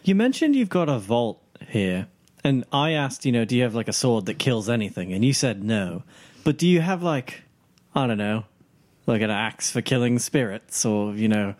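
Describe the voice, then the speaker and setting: Man player at a tabletop game, joking, offhand, casual chat, mid pitch. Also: very animated, normal speed, a little mellow.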